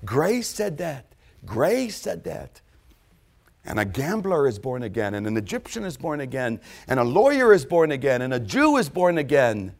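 A man in his fifties preaching a sermon, dramatic and repetitive, dropping from loud exclamations to hushed phrases. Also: medium pitch, very animated, moderate pace, gravelly.

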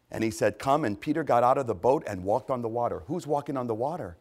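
Preacher guy, middle-aged, fired up, keeps building to loud bits. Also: medium pitch, fast talker, hardly any pauses. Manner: fervent, rising to loud emphatic peaks. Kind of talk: sermon.

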